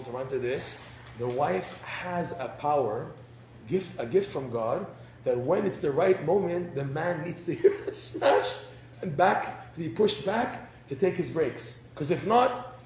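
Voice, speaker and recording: A man teaching a class on marriage, animated and laughing often. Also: on the high side. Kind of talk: lecture on marriage. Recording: roomy echo, faint background noise.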